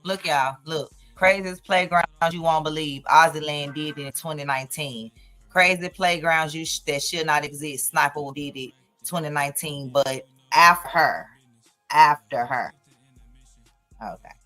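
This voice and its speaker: Low voiced lady doing stream commentary, talks right at the viewers, faint music behind. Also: steady tone, moderate pace, pushed and bright. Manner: addresses viewers directly, exclaims. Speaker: live stream host. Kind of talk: commentary on video clips.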